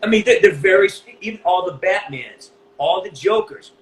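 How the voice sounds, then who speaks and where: A middle-aged man from New England with a Northeastern US accent, speaking as an interview guest, blunt and animated, with a lot of swearing. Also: high-pitched, normal speed, roomy sound, a loud crowd, low-quality recording. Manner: blunt, profane, animated storytelling. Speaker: voice actor guest. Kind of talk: candid interview.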